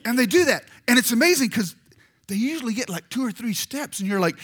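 A male pastor tells a story-driven sermon in a high, bright voice that leaps all over its range. He is jokey and animated, slipping into voices and shouting lines out for effect. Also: fast talker, slightly rough.

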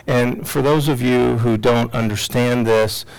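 A middle-aged man, a psychologist and teacher, telling an emotional personal story to an audience, swinging from loud to hushed. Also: medium pitch, fairly even intonation, a little slow, creaky, clean tone, rough recording.

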